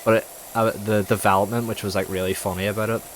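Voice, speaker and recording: Young man, deep voice, sweary rambling stories, casual gaming stream chat. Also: level tone, fast, slight background noise, rough recording.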